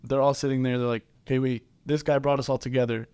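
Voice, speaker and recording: Sex: man. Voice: smooth, clear, mid-pitched. Role: podcast co-host. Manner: probing, halting questions. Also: little pitch movement, darkish tone. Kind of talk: casual podcast conversation.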